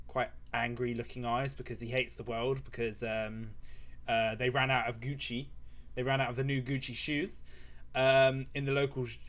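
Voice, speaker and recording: A man telling a comic story on a live stream while drawing, rambling with many fillers and swearing. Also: medium pitch.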